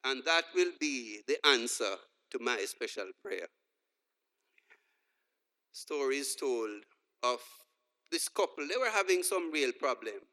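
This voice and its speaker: A man's medium-pitched voice, bright and forceful, carries through the long reverb of a large church hall as he preaches. He speaks slowly and pauses often, animated as he jokes his way through stories and acts out the dialogue.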